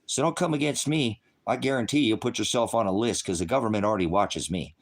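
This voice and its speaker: A man's voice: on the low side, fast talker. A man delivering a heated, profane livestream rant at his viewers, mixing insults with scripture quotes. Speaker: online preacher and streamer.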